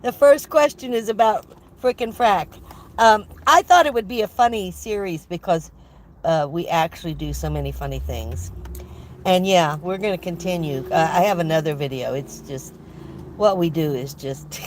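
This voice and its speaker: A woman's voice: mid-range voice, moderate pace. An older woman chatting casually on a livestream from her van, congested with a head cold, rambling and laughing often as she greets viewers. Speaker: van life vlogger hosting a livestream.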